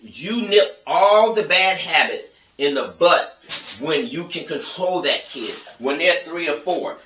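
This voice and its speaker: Man vlogger, blunt and profane, bright tense edge, a bit far off the mic. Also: on the high side, expressive, slow, roomy sound, slight background noise. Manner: blunt, profane, emphatic ranting to viewers. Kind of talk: casual storytelling monologue.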